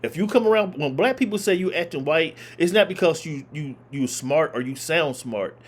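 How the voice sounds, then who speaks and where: High-voiced man ranting. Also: expressive, moderate pace, breathy edge. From Southern United States. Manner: emphatic, repeating points for force. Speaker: reaction video host. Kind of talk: opinionated commentary.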